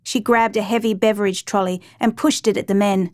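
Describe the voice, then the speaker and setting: A woman narrating a true crime story in a steady, measured reading voice. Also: medium pitch, no room sound, studio quality.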